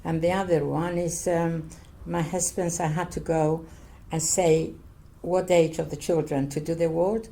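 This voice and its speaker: An older woman from Cyprus, Greek her first language, telling her life story in an oral history interview in halting, repetitive English. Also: low voice, flat delivery, creaky, mellow. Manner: halting, repetitive non-native English, earnest.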